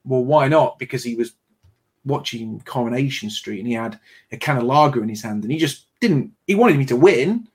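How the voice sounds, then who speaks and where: A man's voice: medium pitch, animated, moderate pace. A man hosting a livestream who reads out viewer donations, thanks donors, and tells stories in a chatty way. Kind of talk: casual livestream chat.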